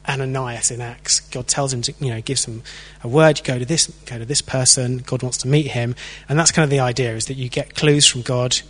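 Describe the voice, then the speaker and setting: A man's voice: medium pitch, fairly bright tone. Man telling stories in a reverberant hall. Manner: self-deprecating, chatty storytelling. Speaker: church speaker. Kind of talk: sermon talk with personal stories.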